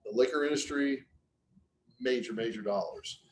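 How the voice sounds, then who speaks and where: A man's voice: medium pitch, moderate pace, a little hiss or hum, rough recording. Casual, chatty male webinar presenter. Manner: conversational, anecdotal, restarts phrases often. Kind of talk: casual business webinar talk.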